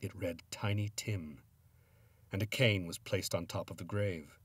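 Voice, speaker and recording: A man giving a grave, theatrical first-person reading of a dark story. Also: low-pitched, a little slow, breathy edge, no room sound. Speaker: narrator.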